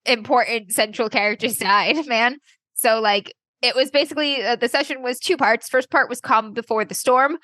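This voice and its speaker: A woman's voice: fairly high pitch, pushed and bright, no echo. A woman casually recapping a tabletop game session, laughing and swearing as she goes. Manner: laughing, swearing, loose and joking. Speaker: player and co-host.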